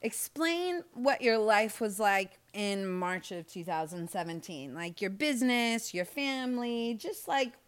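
A woman's voice: medium pitch, animated, a little slow, hardly any pauses, clear, resonant tone. A woman hosting a podcast interview, casually prompting her guest with questions. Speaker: podcast host. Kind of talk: conversational interview.

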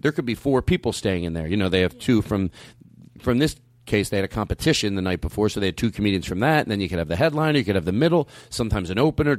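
A man tells a story in casual podcast chat. He acts out his own frustration, and his voice jumps high and loud when he does. The sound is dry and close. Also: no echo. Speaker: podcast host, comedian.

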